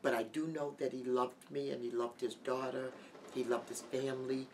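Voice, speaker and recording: Middle-aged woman guest, halting heartfelt testimony, mic set back with faint hiss. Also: very deep voice, little pitch movement, darkish tone. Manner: halting, heartfelt, with many restarts. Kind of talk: emotional personal testimony. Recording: distant mic with light background noise.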